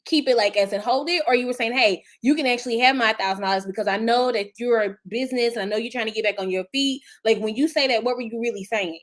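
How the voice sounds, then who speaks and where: A woman hosting a live interview show, cutting in with quick, probing follow-up questions. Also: a little high. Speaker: host.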